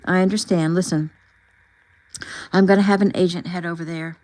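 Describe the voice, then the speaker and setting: A woman narrator voicing a brisk, kindly, fatherly male police chief. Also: high voice, steady tone, darkish tone, close to an everyday voice, low-quality recording.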